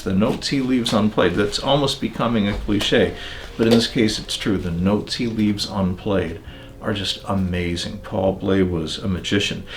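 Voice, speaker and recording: An older man talking about records and turntables in a relaxed, digressive interview, with many pauses and fillers. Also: on the low side. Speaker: audio magazine editor.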